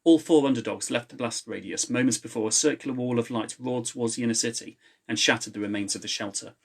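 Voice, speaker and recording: A man reads his own novel aloud on a live stream from home, with a mid-pitched voice. Between passages he chats in a relaxed way with fillers before going back to steady narration. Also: fast, vocal fry, breathy edge. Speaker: author reading his novel. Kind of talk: live reading to online viewers. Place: home, with a laptop.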